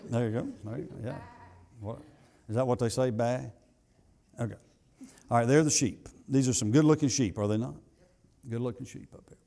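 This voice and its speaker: A pastor preaching a sermon in a church, building to emphatic peaks and then dropping to soft asides, with some halting repeats. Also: male voice, medium pitch, vocal fry. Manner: halting repetitions. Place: church sanctuary.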